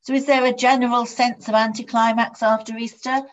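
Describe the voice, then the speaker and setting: A woman preaching a sermon in a measured storytelling manner, heard on a dull lo-fi recording. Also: a little high. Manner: storytelling with steady, measured repetition. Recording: dull lo-fi sound.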